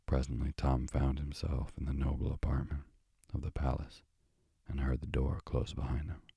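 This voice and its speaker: A man narrating a storybook aloud in a slow, measured way. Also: extremely low pitch, monotone, creaky, dark tone, breathy edge, no echo, studio quality. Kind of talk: audiobook narration.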